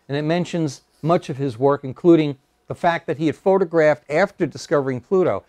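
A man's voice: on the high side, darkish tone, no room sound. Man lecturing with dry, close sound. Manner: hesitant, many fillers, wry asides. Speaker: guest lecturer at astronomy club. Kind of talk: public lecture with slides. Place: meeting room.

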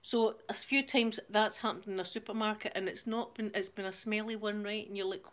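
A woman's voice: mid-range voice, steady tone, brisk, few pauses, a bit bright. A middle-aged Glaswegian woman talks with her viewers in a loose live-stream chat. She laughs a lot and keeps a giggly, chatty flow between thanking people and telling stories. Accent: Glaswegian Scottish. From Glasgow, Scotland. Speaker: channel host reading viewer comments.

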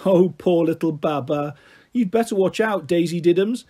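A man's voice: high-pitched, moderate pace, warm tone. A man voicing a bossy, spiteful young girl with a blunt, mocking manner in a storybook reading. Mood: sneering.

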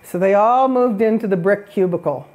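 A woman's voice: mid-range voice, moderate pace, darkish tone, muffled recording. A woman on a spiritual talk show who tells a fairy-tale parable in a chatty, self-deprecating way and laughs often. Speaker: guest.

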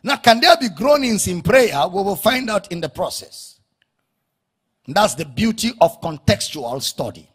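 Casual: high husky-voiced male preacher, lively swoops, shouts and sings his points. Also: measured pace. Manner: preaching with sudden shouts and sing-song rises, drawing out key words. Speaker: pastor. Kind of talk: sermon.

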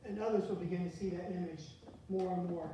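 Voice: mid-range voice, fairly even intonation, brisk, warm tone. A pastor giving a conversational sermon, asking the congregation questions as he goes. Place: church sanctuary. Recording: very echoey church from far off, faint hiss.

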